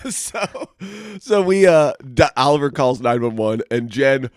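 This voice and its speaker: A man tells a rowdy story on a podcast, laughing as he goes and acting out what people said. His voice sits at an ordinary pitch and the sound is dry and close, with no room around it. He swears freely and keeps things loose. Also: measured pace, smooth, no room sound. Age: 40s. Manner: animated, profane, laughs often, acts out quotes. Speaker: podcast co-host. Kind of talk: casual chat, storytelling.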